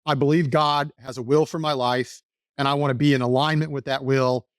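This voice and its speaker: A man's voice: medium pitch, fairly even intonation, fairly quick, no room sound, studio quality. A man from Texas, a podcast guest, telling a personal story in an earnest, rambling way, often restarting sentences. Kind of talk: casual storytelling interview.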